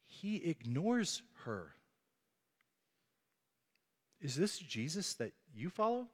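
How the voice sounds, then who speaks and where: A man's voice: on the high side, very animated, slow, breathy edge, long reverb tail. A male pastor preaching a sermon, telling the story with animation and acting out the voices of the people in it.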